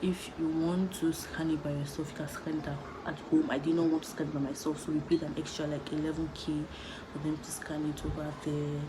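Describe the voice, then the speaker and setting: A woman's voice: low voice, level tone, a little fast. A young woman vlogger from Nigeria, chatting casually and rambling as she talks to the camera. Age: young adult. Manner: chatty, rambling, laid-back. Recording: noticeable background noise.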